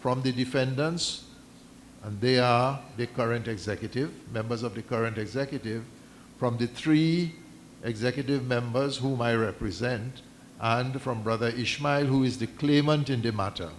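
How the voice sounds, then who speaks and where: A man speaking formally at a community meeting, measured and deliberate, stopping and restarting as he reads out a document. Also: medium pitch, a little hiss or hum. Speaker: mosque community representative addressing a meeting. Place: islamic centre meeting hall.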